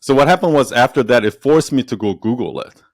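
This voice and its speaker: A man appears as a guest on a casual podcast interview, an entrepreneur and storyteller who tells animated stories, acts out quotes, and laughs often. His mid-range voice is lively and a little fast, recorded at studio quality with no room sound.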